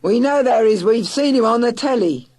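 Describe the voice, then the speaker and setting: A woman reading a storybook, voicing a pushy male tabloid journalist who yells and wheedles. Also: a little high, moderate pace, pitched above the performer's own voice. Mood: brash. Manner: brash, wheedling, yelling.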